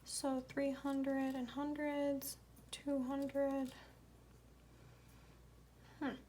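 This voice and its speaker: Speaking very slowly in a flat, mellow voice that sits high, a budgeting vlogger with a Southern US accent works through her finances casually. She counts bills out loud, at times muttering the totals under her breath, with slight background noise.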